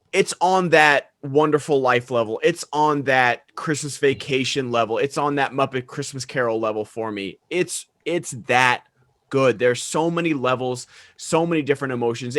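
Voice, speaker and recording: A man chatting enthusiastically about a favorite film on a video call, getting loud when excited. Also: mid-range voice, normal speed, dry recording. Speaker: podcast co-host. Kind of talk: casual movie discussion. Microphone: remote video call.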